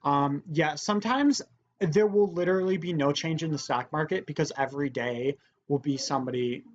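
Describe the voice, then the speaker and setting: A woman's voice: low voice, normal speed. A woman hosting a let's-play, chatting and explaining the game in a giggly, casual way. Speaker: channel host. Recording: slightly muffled home recording.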